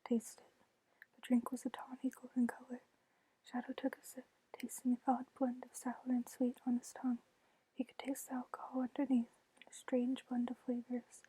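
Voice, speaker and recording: A woman reading a novel aloud in a soft unvoiced whisper, whispered role-play style. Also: high-pitched, completely flat delivery, normal speed, breathy edge, poor audio. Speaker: ASMR book reader.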